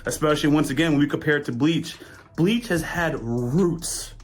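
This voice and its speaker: A man from Jamaica hosting an anime reaction show, talking casually and excitably straight to his viewers. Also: fairly high pitch, moderate pace. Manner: animated, excitable, addresses viewers directly. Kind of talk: casual anime review rant.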